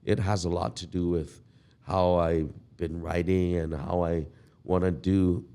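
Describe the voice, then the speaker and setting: Older guy from guam, really deep voice, slow easygoing storytelling. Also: smooth. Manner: relaxed, reminiscing, drawn-out storytelling. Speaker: guest musician. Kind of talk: casual podcast conversation.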